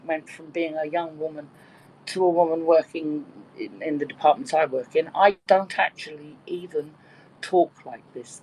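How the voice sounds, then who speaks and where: A woman's voice: deep voice, a little mellow, a little hiss or hum, low-quality recording. A woman in her sixties from Birkenhead with a London accent, telling bawdy stories and laughing often in a casual group chat. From Birkenhead, England. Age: 60s. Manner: bawdy, chatty storyteller who laughs often.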